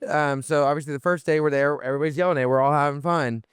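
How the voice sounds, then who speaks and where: Smooth-voiced young man telling a story. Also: a little high, quick pace, no echo, clean studio sound. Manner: animated, lots of fillers and restarts, swears freely. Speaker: podcast guest. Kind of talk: casual storytelling.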